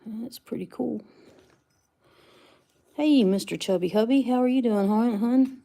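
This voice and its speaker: A woman's voice: a little high, a little slow, creaky, warm tone. A woman, chatting casually with viewers on a livestream while unboxing rocks. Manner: chatty, greets viewers by name, laughs easily.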